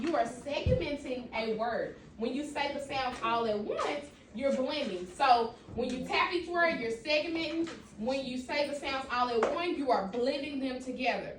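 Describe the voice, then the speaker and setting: A woman teaching children a phonics lesson in a classroom. She is encouraging, calls on students by name and repeats their answers back to them. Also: high-pitched. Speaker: elementary school teacher. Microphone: far from the mic. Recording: echoey, distant and noisy classroom recording.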